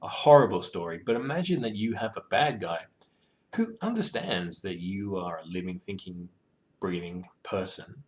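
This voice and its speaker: A man's voice: low-pitched, lively intonation, moderate pace. A man talking casually about running tabletop games, rambling with many ums and you-knows, sweary and joking. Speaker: tabletop game master giving advice. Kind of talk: casual advice monologue.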